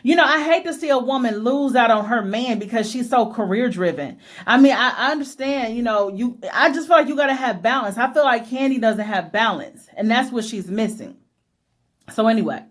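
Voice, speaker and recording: A woman's voice: fairly high pitch, expressive, brisk. A woman giving blunt, opinionated casual commentary on a reality show episode, swearing freely and using lots of fillers.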